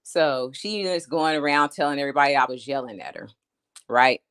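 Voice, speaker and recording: A woman's voice: rumbling low, fairly quick, fairly bright tone, clean tone. A woman on a live stream telling a story in a blunt, emphatic and chatty way, often asking "you know what I'm saying". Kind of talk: casual storytelling rant.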